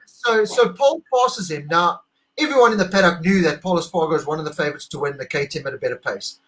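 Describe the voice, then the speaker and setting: A man's voice: fairly high pitch, fast, fairly bright tone, low-quality recording. A man co-hosting a casual motorsport debrief over a video call, emphatic and argumentative, repeating his points. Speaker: co-host.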